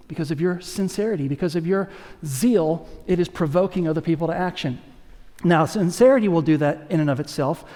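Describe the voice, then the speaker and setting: A male pastor preaching in a lively, conversational way, tossing in jokes and asides to the people in front of him. His voice sits somewhat high for a man, and it carries through a big church with long reverb trailing behind it. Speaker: lead pastor. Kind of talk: sermon. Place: church sanctuary.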